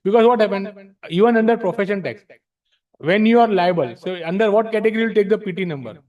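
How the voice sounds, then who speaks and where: Frank, emphatic Indian man, fairly high voice. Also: quick pace, a little mellow, dull audio. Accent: Indian English. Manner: frank, emphatic, repeats himself. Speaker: speaker at a tax practitioners' study circle. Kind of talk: explaining to an audience, mixing English and Hindi. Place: library meeting room.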